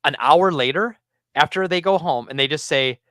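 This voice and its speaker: A man hosting a casual podcast, telling a story about his game store with lively acted-out quotes. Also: on the high side, normal speed, no echo, studio quality. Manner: animated storyteller, acts out customers.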